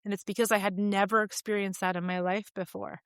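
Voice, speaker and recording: A woman's voice: medium pitch, little pitch movement, fairly quick, fairly bright tone, clear, resonant tone, dry recording, studio quality. A woman in her forties, a podcast guest telling personal stories in a candid, reflective, conversational way with frequent fillers.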